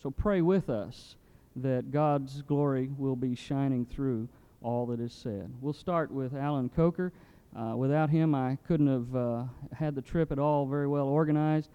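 A man acting as pastor, calmly introducing the speakers and asking the congregation to pray. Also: mid-range voice, a little slow, hardly any pauses, clear, resonant tone. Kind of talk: sermon introduction. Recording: muffled church hall recording.

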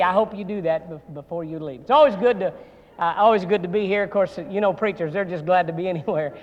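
A man's voice: high voice, quick pace, lo-fi sound. A man preaching as a guest speaker in a seminary chapel, a folksy storyteller who jokes with the crowd. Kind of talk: sermon. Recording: long hall reverb.

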